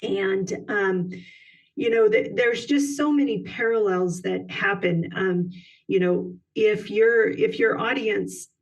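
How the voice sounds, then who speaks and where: A middle-aged woman telling a personal story as a podcast guest, halting, with many pauses and restarts. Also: mid-range voice, recorded from a distance, poor audio.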